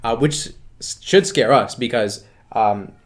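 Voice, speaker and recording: A man's voice: mid-range voice, measured pace. A man co-hosting a podcast, chatting casually about politics and drawing sports comparisons. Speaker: podcast co-host.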